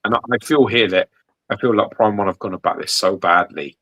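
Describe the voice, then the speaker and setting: A man's voice: lowish voice, brisk, pushed and bright, no echo, rough recording. A man hosting a casual collectibles podcast, talking animatedly, swearing freely and acting out quoted lines. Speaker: host. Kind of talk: casual chat.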